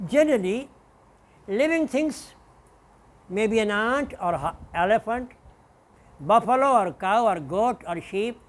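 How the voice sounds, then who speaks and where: Man, professor, high voice, classroom lecture, deliberate, spells words out. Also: expressive.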